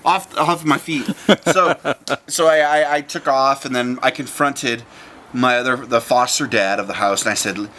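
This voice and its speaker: Animated man telling a story. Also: mid-range voice, moderate pace. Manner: animated, mimics voices and sounds, laughs often. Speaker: vlogger telling a childhood story. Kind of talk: casual storytelling.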